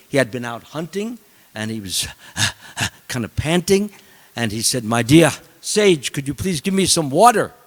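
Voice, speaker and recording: Man, monk, scripture class, animated storyteller, long reverb of a temple hall. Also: fairly high pitch. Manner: animated, acts out characters.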